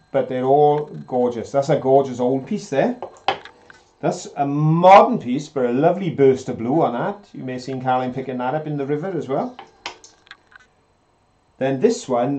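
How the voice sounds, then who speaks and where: On a live stream he co-hosts, this man keeps things casual, chatty and full of jokes and enthusiasm. His voice is mid-range with a dark tone, captured in slightly dull lo-fi audio.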